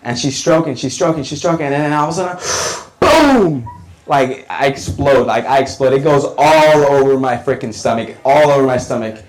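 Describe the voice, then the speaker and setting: A man doing stand-up on a comedy club stage, his story rambling along with many fillers and restarts. His voice sits at an ordinary middle pitch and keeps up a lively delivery. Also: moderate pace, rough recording.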